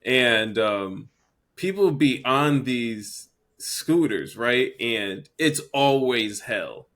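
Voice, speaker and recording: Slow, playful man co-hosting a podcast. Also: medium pitch, lively intonation, fairly bright tone. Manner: playful, teasing, laughs easily. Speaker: podcast co-host. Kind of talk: casual chat.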